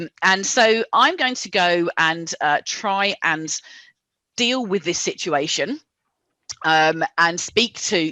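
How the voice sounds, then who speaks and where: A woman's voice: lowish voice, sharp tone, no echo. A woman facilitator who explains an online role-play training step by step in a chatty way. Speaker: workshop facilitator. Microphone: video call.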